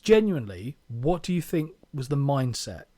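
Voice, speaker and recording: A man's voice: medium pitch, very animated, normal speed, dark tone. A man co-hosting a podcast, joking and bantering while he reads from his notes. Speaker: podcast co-host. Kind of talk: casual chat reviewing a wrestling event.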